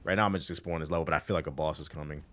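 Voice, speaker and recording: A man's voice: very deep voice, fairly even intonation, racing, fairly bright tone. A man with a Washington, D.C. accent casually chatting on a gaming stream, using loose, profane slang and answering chat while he plays. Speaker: livestreamer.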